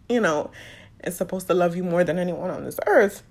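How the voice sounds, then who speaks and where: A woman's voice: lowish voice, brisk, darkish tone. A woman openly telling a personal story, emotional and fighting back tears. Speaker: podcast host sharing a personal story.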